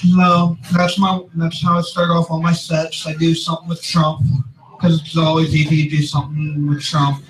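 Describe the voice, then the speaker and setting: A man's voice: a little high, monotone, moderate pace, distant mic. A young man with a lisp performing an amateur stand-up set, recorded in a bar. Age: young adult. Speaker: stand-up comedian in a played clip. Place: bar or gas station stage. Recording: roomy clip with crowd behind. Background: crowd.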